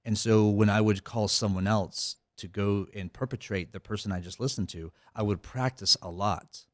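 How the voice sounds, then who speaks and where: A man's voice: lowish voice, fairly even intonation, normal speed, no echo, studio quality. A middle-aged man, a company head, talking casually as a podcast guest, rambling with many fillers and restarts. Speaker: cybersecurity company CEO, guest. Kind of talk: casual interview talk.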